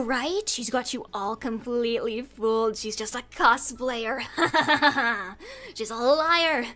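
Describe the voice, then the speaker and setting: A woman's voice: on the high side, a bit bright. A woman performing a mock-dramatic comedy skit as a streamer, theatrical and giggly. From United States.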